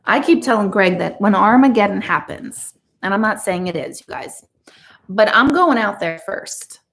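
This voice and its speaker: A middle-aged woman hosting a live chat stream, talking casually to her viewers and slipping into quick mock voices. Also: mid-range voice. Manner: chatty and animated, does quick mock voices. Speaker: host of a live chat show.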